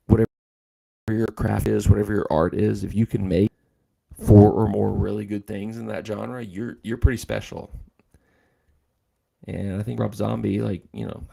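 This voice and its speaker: A man's voice: fairly low pitch, gravelly, mellow. A man hosting a casual livestream chat, talking in a rambling, filler-heavy way. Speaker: host.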